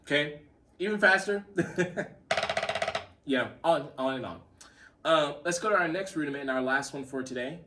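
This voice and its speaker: A man's voice: fairly high pitch, moderate pace, long pauses, noisy background. Man teaching drums from a distance. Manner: relaxed, repeats himself, counts stickings aloud. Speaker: drum teacher. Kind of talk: casual spoken lesson with demonstrations.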